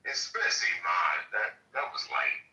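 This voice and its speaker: An older man with a very low voice that has a hard, bright edge speaks bluntly and offhandedly. He sounds far from the mic on a dull, lo-fi, echoey line. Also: big pitch swings, normal speed. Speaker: caller.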